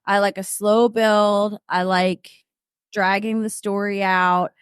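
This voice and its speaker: A woman's voice: mid-range voice, level tone, slow, clean tone, dry recording, clean studio sound. A woman co-hosting a podcast in casual chat, talking frankly and with self-assurance. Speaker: podcast co-host.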